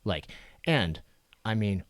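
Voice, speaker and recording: A man's voice: fairly low pitch, expressive, slow pace, no room sound. A man co-hosting a podcast, talking in a rambling, profane way with many fillers and restarts. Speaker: podcast co-host. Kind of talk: casual chat.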